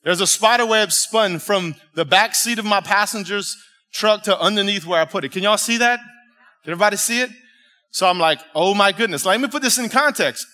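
A man preaching from the pulpit, his voice pitched high for a man and ringing bright. He tells his story with animated emphasis, checking in with the congregation as he goes, in a church sanctuary. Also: brisk. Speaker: pastor. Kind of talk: storytelling sermon.

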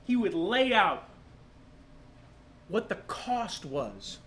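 A man's voice: high-pitched, sing-song, extremely slow, a bit bright. A male pastor preaching a sermon in a casual way, with joking, sarcastic asides.

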